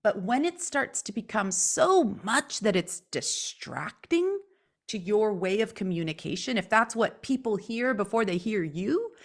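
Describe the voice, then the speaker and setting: A woman coaching on speaking voice, lively and demonstrative. She teaches in a conversational way, often acting out the sounds she describes. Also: medium pitch. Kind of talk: instructional chat.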